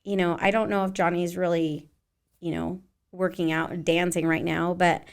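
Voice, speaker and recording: A woman's voice: on the low side, little pitch movement, moderate pace, gravelly, clear, resonant tone. A woman in her forties, a dance teacher, chatting casually as a podcast guest, rambling with many fillers. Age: 40s. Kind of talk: casual interview chat.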